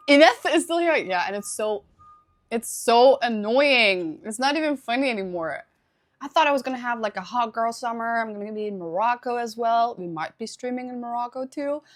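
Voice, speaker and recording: A woman's voice: a little high, lively intonation, normal speed. A young woman live streaming, chatting casually with her viewers, laughing often and thanking them for subscriptions.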